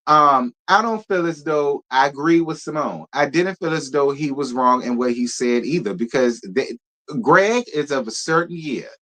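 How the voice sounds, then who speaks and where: A man's voice: a little high, lively intonation, moderate pace, sharp tone. A man hosting a live review of a reality show, giving blunt, sassy and profane commentary, talking straight to his viewers and thanking donors. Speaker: reality TV recap host.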